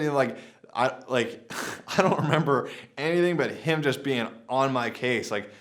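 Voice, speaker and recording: A man's voice: mid-range voice, moderate pace, fairly bright tone. A young man casually recounting a personal story, rambling with many fillers and restarts. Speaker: vlogger.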